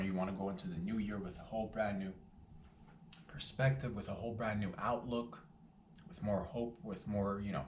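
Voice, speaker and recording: Man, vlogger, rambling heart-to-heart, direct to viewers, slightly distant mic in an echoey room. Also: fairly low pitch. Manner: rambling, repeats phrases, addresses viewers directly. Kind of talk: reflective casual monologue. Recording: roomy echo, a bit off-mic, faint background hum.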